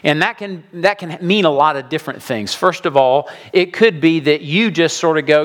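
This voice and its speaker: A man preaching a sermon to his congregation, animated and acting out the voices of people he quotes. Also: on the high side, normal speed, few pauses. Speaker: pastor.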